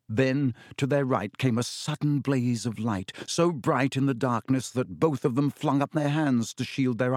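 A man reading a children's novel aloud as the narrator, in a measured, steady storytelling manner. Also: mid-range voice, no echo, clean studio sound. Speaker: audiobook narrator. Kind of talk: scripted narration.

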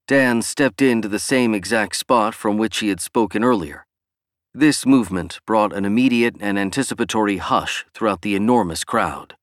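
Audiobook narrator, man, lowish voice, dry close read. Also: no echo. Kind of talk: scripted narration.

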